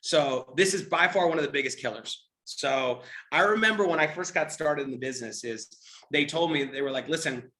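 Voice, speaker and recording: A man leading a live business training, telling an animated story and checking in with listeners. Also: a little high, a little fast. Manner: animated storytelling, keeps asking "right?". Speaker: network marketing trainer.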